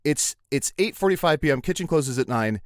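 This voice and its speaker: A man chatting as a podcast guest, telling playful stories in an animated way, a little tipsy. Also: a little high, a little fast, no echo, studio quality. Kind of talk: casual chat.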